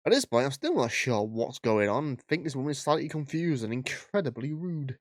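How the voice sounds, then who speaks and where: A man's voice: mid-range voice, sing-song, fairly quick, hardly any pauses, dry recording. A man narrating online stories, with dry joking asides between them. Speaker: YouTube story narrator. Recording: dry close mic with faint music.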